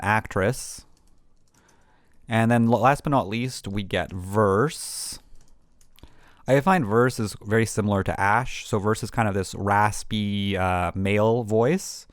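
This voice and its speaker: Male tutorial host with a lowish voice, chatty and unscripted, full of fillers, dry close sound. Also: clear, resonant tone, no room sound. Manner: rambling, many ums and restarts. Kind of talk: casual screen-recorded tutorial.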